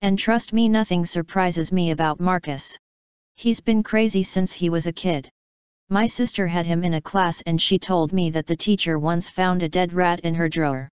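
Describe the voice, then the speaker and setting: A steady young man, easygoing and reassuring, as a woman reads him aloud. Her voice is low and very clear. The sound is dry with no room at all. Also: moderate pace, dry recording, close to an everyday voice. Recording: dull dry audiobook recording.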